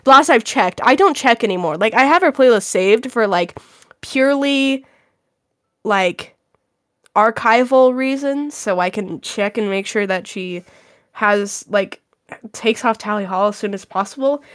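A young woman co-hosting a casual podcast, ranting in an animated, exaggerated way and leaning on "literally". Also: fairly high pitch, measured pace, no echo, clean studio sound. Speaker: podcast co-host. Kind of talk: casual chat.

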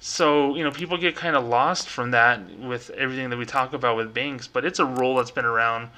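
A man's voice: mid-range voice, fairly even intonation, fairly quick, bright, forceful tone, poor audio. A young man hosting a casual solo podcast from a room at home, talking in a chatty, rambling way with many fillers. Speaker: podcast host.

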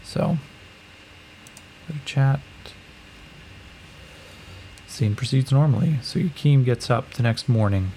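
A man's voice: mid-range voice, slow pace, long pauses, mellow, a little hiss or hum, rough recording. A man narrating a solo tabletop role-playing game as game master, casual and full of fillers, swearing now and then.

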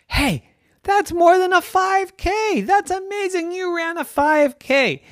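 Storyteller doing an excited, proud family, high gushing cheers, dry close sound. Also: slow pace, no echo, heavily acted. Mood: amazed.

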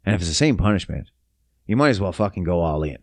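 Man, casual rant, swearing, sarcastic, rambling, lively pitch, dry close sound. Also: quick pace, dry recording.

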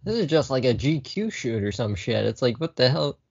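A man's voice: mid-range voice, sing-song, a little fast, vocal fry, darkish tone, no echo, lo-fi sound. A man co-hosting a casual movie podcast, joking and swearing as he rambles about the cast. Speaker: podcast co-host.

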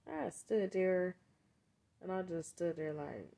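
A woman telling a story straight to her viewers in a casual vlog, cursing freely and swinging from muttered asides to loud, heated outbursts. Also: on the low side, slow, creaky. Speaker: vlogger and mother.

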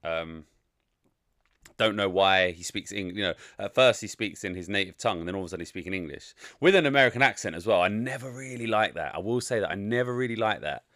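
Deep-voiced man reviewing a film. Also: fast, fairly bright tone, no echo, clean studio sound. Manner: frank, rambling, opinionated. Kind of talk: casual spoken movie review.

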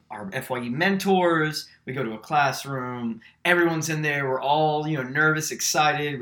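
A young man co-hosting a casual podcast, telling a long story in an animated way and acting out the people he quotes. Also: medium pitch. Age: young adult. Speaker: podcast co-host.

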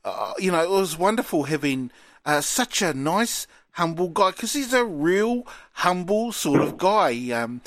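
A man's voice: a little high, fairly bright tone, no echo. A man hosting a radio show, teasing his co-hosts and rambling with many fillers. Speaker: radio host. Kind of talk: casual radio banter.

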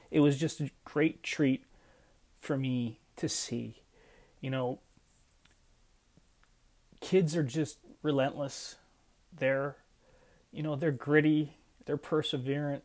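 A middle-aged man talking in a casual vlog, emotional and choked up, halting with many fillers. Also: on the high side, a little mellow. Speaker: parent vlogger.

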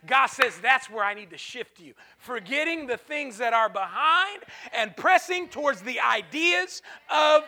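A man preaches in a church with a very high, keen and piercing voice. He swings from soft, hushed lines to sudden shouted peaks, repeating phrases for the congregation. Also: lively intonation, a little slow, hardly any pauses. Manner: repetitive call-and-response phrasing. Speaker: pastor. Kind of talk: sermon.

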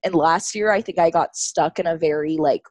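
A woman's voice: deep voice, brisk, darkish tone, no room sound. Woman, podcast co-host, casual chat, candid, swearing, laughing, dry close sound. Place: home, lived in Los Angeles.

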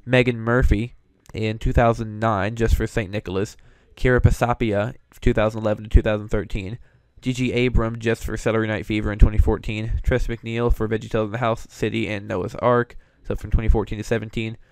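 Young guy chatting about voice actors, kinda low voice, dry close sound. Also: flat delivery, fairly quick, hardly any pauses, clear, resonant tone, no echo. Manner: opinionated, chatty fan. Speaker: show host reviewing voice actors. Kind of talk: casual commentary.

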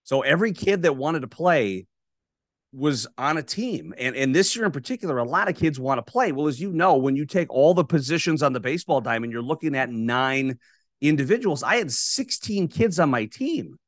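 A middle-aged man hosting a podcast from a small studio, talking in a folksy, animated way as he reads a sponsor spot and tells stories. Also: fairly high pitch, normal speed, no room sound. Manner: chatty, folksy, animated storytelling. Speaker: podcast host. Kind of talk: solo podcast monologue with sponsor read.

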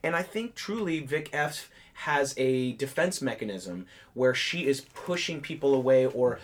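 A man's voice: mid-range voice, lively intonation, unhurried. Earnest man giving opinions in casual chat. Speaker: podcast co-host. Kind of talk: casual chat recapping a TV show.

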